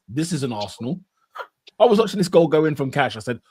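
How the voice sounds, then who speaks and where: A man with a husky, breathy voice talks football on a podcast, his pitch swinging widely as he acts out his reactions. The sound is dry and close, with no room in it. He sounds casual and animated, mid-chat with friends. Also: a little fast, dry recording. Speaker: podcast co-host.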